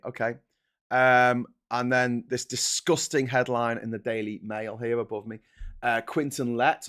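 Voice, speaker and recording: Male host, mid-pitched, sarcastic and exasperated, casual headline commentary. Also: fairly bright tone. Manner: sarcastic and exasperated, breaking into laughter. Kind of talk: casual commentary on newspaper front pages.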